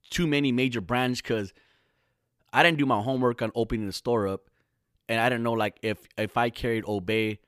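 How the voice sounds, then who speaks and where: A man ranting casually to camera, swearing heavily in fast slangy talk that swings into loud outbursts. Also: fairly low pitch, no echo, clean studio sound. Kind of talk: casual profane rant to camera.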